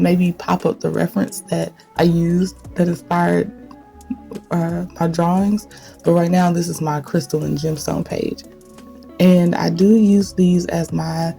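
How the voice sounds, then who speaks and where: A woman hosting an art channel, chatting in a laid-back way while she sketches, her voice still deep from the morning. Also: vocal fry. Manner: relaxed and chatty. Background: faint background music.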